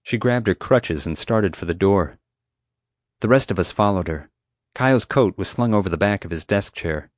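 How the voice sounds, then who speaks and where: A man narrating an audiobook in a steady, clear storytelling manner on a close mic. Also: lowish voice, normal speed, dry recording.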